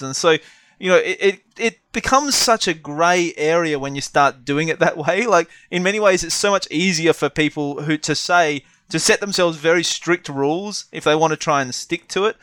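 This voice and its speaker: A man's voice: fairly high pitch, normal speed, fairly bright tone, smooth, no room sound. A man co-hosting a podcast in a casual, reflective chat, rambling a little and restarting his sentences. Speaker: podcast co-host.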